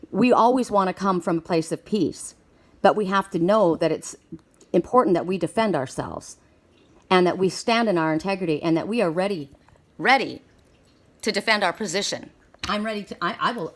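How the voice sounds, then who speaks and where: A woman's voice: on the low side, a bit bright. A woman doing a spiritual oracle card reading, talking earnestly and encouragingly, often repeating her words.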